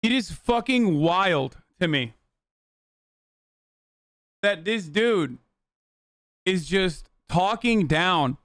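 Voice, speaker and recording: A man's voice: on the high side, expressive, a little slow, a bit bright, no echo. A man streaming a reaction, talking casually with profane, incredulous commentary.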